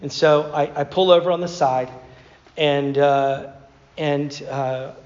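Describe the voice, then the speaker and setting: A man's voice: on the high side, steady tone, slow, a little mellow. A man preaching a sermon as a pastor, telling stories in a conversational way with repeated words. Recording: muffled sound with long hall reverb.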